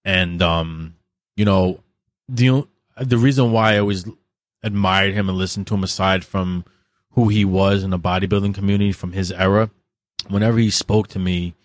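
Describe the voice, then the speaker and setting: A man's voice: deep voice, fairly even intonation, normal speed, no room sound, clean studio sound. A man as a podcast guest, telling candid stories in a blunt, heavily profane, vivid way. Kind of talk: candid interview storytelling.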